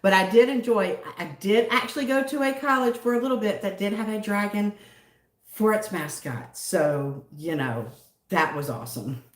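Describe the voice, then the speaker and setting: A woman's voice: mid-range voice, animated, normal speed, reverberant. A Southern American woman hosting a livestream, chatting casually and giggling as she greets viewers by name. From southern United States. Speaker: livestream host.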